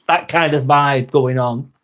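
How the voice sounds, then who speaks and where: A man's voice: mid-range voice, a bit bright. An English man hosting a casual live chat, reading out viewer comments and answering them in a blunt, jokey way, swearing freely and chuckling often. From England. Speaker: live stream host.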